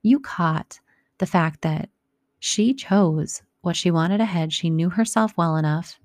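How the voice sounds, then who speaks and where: Low, gravelly-voiced woman telling a story. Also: dry recording, clean studio sound. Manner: warm, reflective, a bit long-winded with restarts. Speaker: podcast host speaking to listeners. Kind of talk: casual personal storytelling.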